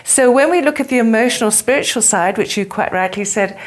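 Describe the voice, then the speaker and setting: A woman's voice: fairly high pitch, animated, fairly quick. Earnest woman with a speech defect. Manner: earnest and storytelling. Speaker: interview guest, spiritual teacher. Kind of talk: conversational interview.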